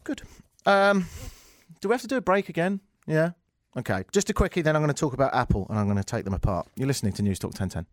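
A man's voice: on the high side, lively intonation, fast talker, no room sound. A man hosting a radio talk show, telling jokey stories and acting out the other people in them with a raised voice. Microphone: studio microphone.

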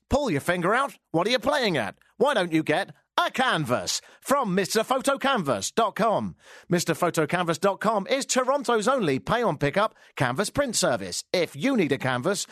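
A man's voice: high voice, sing-song, moderate pace, fairly bright tone, dry recording, clean studio sound, voice pushed up, heavily acted. A man doing a cheesy, overblown salesman voice for an advert read live on air. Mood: cheesy hype. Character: cheesy pushy male advert announcer.

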